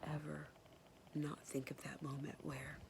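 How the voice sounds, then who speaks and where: A woman whispering a soft, hesitant, tender and apologetic personal message to her son, pausing often. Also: sits low, flat delivery, creaky, background noise. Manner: soft and hesitant, many pauses and fillers. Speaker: mother speaking to her son.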